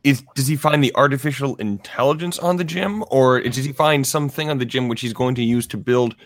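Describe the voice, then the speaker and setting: A man's voice: mid-range voice, a little fast, no echo, clean studio sound. A man on a casual podcast, making wry remarks and asking questions about a film. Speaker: podcast co-host.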